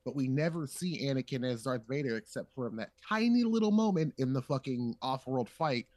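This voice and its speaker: A man's voice: mid-range voice, a little fast, no echo. A man in casual podcast chat, swearing freely and jumping into funny voices to act out scenes. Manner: profane, animated, acts out characters in funny voices.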